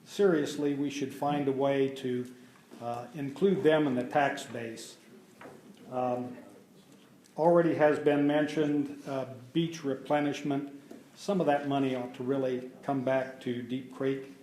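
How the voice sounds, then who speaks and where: A man giving public comment at a meeting, measured and hesitant with frequent fillers. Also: mid-range voice, steady tone, darkish tone. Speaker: resident speaking at public meeting. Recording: echoey hall.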